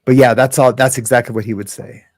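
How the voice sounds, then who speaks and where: A man hosting a casual livestream, reading viewer comments aloud and rambling with frequent chuckles and halting restarts. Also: mid-range voice, steady tone, dry recording, clean studio sound. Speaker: livestream host.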